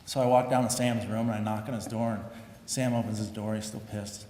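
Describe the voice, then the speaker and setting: A man in his forties giving a hall of fame acceptance speech at a podium, telling stories and acting out what others said, turning soft and heartfelt. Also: fairly low pitch, fairly even intonation, brisk. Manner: storytelling, acts out quotes, grows emotional and soft. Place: large hall. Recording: echoey hall, faint background noise.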